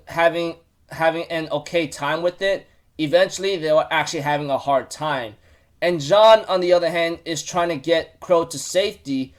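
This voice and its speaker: Excitable rambling young man recapping. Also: a little high. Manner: rambling, many fillers and restarts; excitable bursts of enthusiasm. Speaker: YouTube recap host. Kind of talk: casual episode recap.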